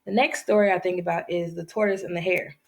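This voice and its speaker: A woman teacher telling children's fables in an animated storytelling lesson, acting out the characters with big jumps in her voice. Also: lowish voice, quick pace, gravelly.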